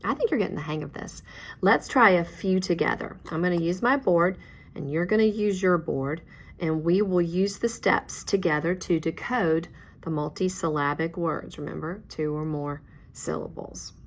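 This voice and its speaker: Low-voiced encouraging woman teaching phonics. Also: moderate pace. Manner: patient, encouraging, step-by-step, praising the class. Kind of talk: classroom phonics lesson.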